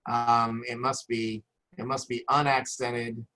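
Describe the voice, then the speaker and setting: A male teacher talks through a recorded lecture from his computer. He rambles, hesitates, and restarts often, filling gaps with ums and uhs. His voice sits at a middle pitch. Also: level tone, takes it slowly, sharp tone, rough recording.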